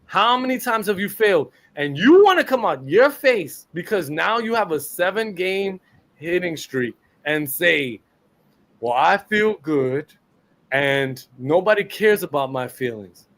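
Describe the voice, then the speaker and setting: A man rants bluntly about his team, swearing freely and pushing the point hard. His voice sits high for a man. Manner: blunt, profane, animated. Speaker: podcast co-host. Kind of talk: heated sports rant.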